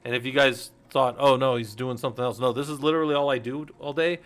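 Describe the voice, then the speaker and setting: A man's voice: mid-range voice, steady tone, fast, fairly bright tone. A middle-aged man hosting a casual teaching stream, rambling and interrupting himself, laughing at his own jokes. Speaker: host.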